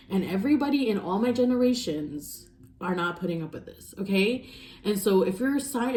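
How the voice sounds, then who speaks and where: Intuitive reader, female, emphatic and repetitive, warm mellow tone, roomy recording. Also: medium pitch, a little hiss or hum. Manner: emphatic, repetitive, animated with laughs. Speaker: intuitive counselor giving a tarot reading. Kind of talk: spiritual reading monologue.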